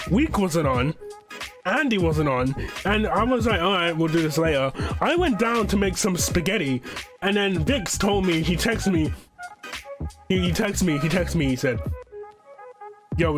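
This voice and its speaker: A young man telling a gaming story to his channel in a rambling way, swearing and stumbling over his words. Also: high voice. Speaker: YouTuber. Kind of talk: casual storytime narration. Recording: background music under voice-over.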